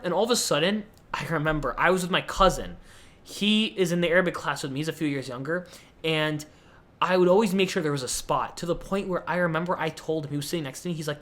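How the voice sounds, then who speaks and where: A young man hosting his own podcast, telling a childhood story in a rambling, self-mocking way with quick bursts of excitement. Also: on the high side. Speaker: podcast host. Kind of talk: casual storytelling monologue.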